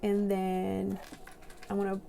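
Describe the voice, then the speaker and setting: A young woman gives a casual tarot reading to camera, speaking English with a non-native accent. She talks slowly with a gravelly, mellow tone and giggles easily. She reads the card text with careful deliberation. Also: medium pitch, monotone.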